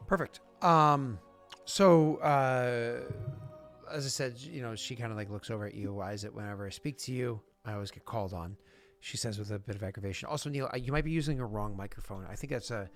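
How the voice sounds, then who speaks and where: A man runs a tabletop game, narrating in a loose, chatty way with plenty of fillers. His voice sits at a middle pitch. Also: brisk, fairly bright tone, faint music behind. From United States. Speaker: game master.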